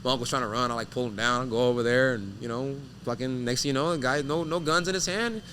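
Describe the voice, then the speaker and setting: Fast, bright-voiced man telling wild stories. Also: mid-range voice, slight background noise. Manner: animated, profane, loose storyteller who acts out scenes. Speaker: guest fighter. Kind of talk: casual storytelling interview.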